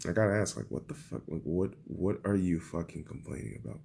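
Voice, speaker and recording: A young man hosting a podcast, delivering an angry, profane political rant that swings between shouting and low muttering. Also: brisk, creaky, a little hiss or hum. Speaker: podcast host.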